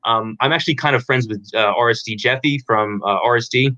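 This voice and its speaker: A man's voice: mid-range voice, fast, sharp tone, no echo. A man in his twenties, a guest on an interview show, explaining dating advice frankly with plenty of fillers and restarts. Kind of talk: casual interview answers. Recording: dull lo-fi dry audio.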